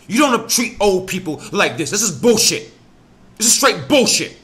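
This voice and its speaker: A man's voice: sits high, sing-song, brisk, bright, forceful tone. A man hosting a podcast, reacting to videos with angry, profane, stammering commentary. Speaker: podcast host.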